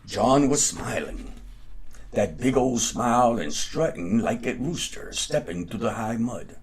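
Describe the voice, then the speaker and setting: A man hosting a show and reading a folktale aloud in a lively, unhurried way. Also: mid-range voice, breathy edge. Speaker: podcast host and storyteller.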